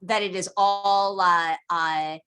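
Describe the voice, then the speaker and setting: A female teacher lectures casually online via video call, lively and talkative, slipping into comic voices for historical figures. Her voice is lowish and the tone clean, with a slow pace.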